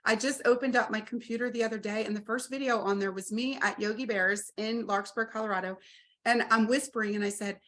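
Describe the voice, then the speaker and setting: A woman's voice: a little high, fairly quick. A woman in her forties, telling her story as an interview guest and acting out quoted dialogue with energy. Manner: animated, acts out quoted dialogue. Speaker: guest, RV business owner.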